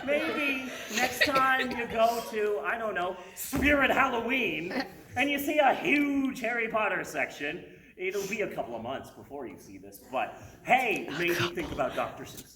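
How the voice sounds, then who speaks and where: A woman's voice: fairly high pitch, sharp tone. A woman doing a stand-up comedy set on a stage, chuckling at her own jokes and restarting her sentences. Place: stage at a university drag show. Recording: echoey venue with background noise.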